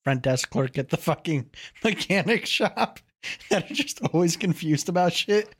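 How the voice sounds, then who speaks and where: A man playing a tabletop game, casual and joking. His voice sits somewhat high for a man. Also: animated, unhurried, breathy edge. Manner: laughing, joking. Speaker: player.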